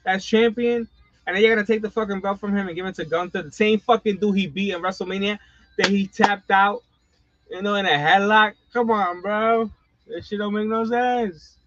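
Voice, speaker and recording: Middle-aged man ranting profanely, slightly high. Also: fairly bright tone, no echo. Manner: profane, exasperated ranting with slangy asides. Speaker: wrestling channel host. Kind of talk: casual live-stream rant. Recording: dull lo-fi sound.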